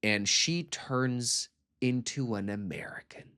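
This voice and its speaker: A man's voice: mid-range voice, slow, clean tone. Snarky man mocking a TV show. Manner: swings from flat asides to sudden loud outbursts. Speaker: TV recap commentator. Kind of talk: sarcastic recap commentary.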